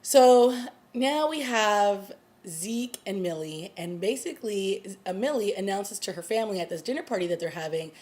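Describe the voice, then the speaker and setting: A woman's voice: mid-range voice, lively intonation, normal speed, a little mellow. A woman vlogger giving a casual, chatty recap of a TV episode, full of fillers as she retells the plot. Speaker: TV review vlogger.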